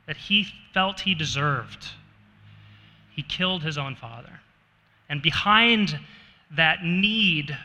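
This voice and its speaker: A pastor preaches a conversational sermon at an unhurried pace, putting questions to his listeners. His voice is strikingly bright and a bit high, and it echoes through a reverberant church hall. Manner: conversational, asks the congregation questions.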